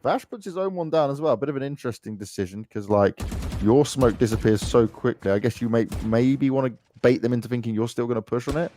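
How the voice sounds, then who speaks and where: A young man with a London accent giving excitable, chatty play-by-play commentary on an esports match. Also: mid-range voice, fast talker, a little hiss or hum. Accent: London English. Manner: excitable, chatty, laughs easily. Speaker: esports caster.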